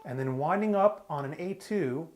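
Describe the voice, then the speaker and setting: His voice on the high side and expressive, a man patiently and plainly explains a beginner fiddle tune step by step at a moderate pace. He plays the fiddle himself, and the music comes through loudly.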